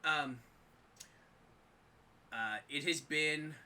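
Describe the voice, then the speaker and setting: A man narrating as game master of a tabletop game, speaking in a halting way full of pauses and ums. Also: medium pitch, pushed and bright.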